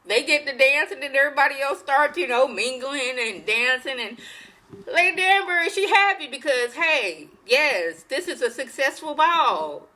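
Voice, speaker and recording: A woman giving a casual, slangy recap of a TV episode, telling the story with animated flair. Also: sits high, moderate pace, low-quality recording. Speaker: TV show reviewer.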